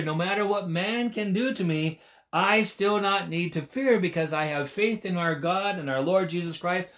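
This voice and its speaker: A man in his sixties preaching a sermon, stressing and repeating key phrases. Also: high-pitched. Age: 60s.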